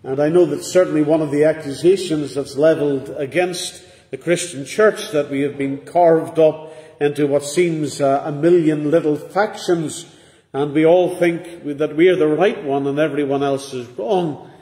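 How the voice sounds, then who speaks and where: A middle-aged man preaching a sermon in a measured, earnest way, with pauses. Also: fairly high pitch, warm tone. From Northern Ireland. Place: church. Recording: echoey hall with long reverb.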